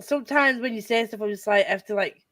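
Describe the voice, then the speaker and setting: A woman's voice: fairly high pitch, fast, a bit bright, dry recording, studio quality. A woman hosting a casual group livestream, chatty and rambling, laughing often. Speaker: host of a reading livestream.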